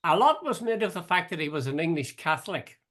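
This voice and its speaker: A man's voice: a little high, sing-song, fast talker, fairly bright tone. An older man, hosting a casual political chat, wry and questioning, thinking aloud with frequent restarts. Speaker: host.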